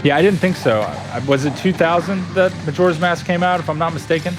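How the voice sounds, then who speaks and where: A man's voice: a little high, a little fast. A man streaming a video game live, upbeat and playful as he chats with his viewers. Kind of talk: casual live-stream chat while gaming. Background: game music.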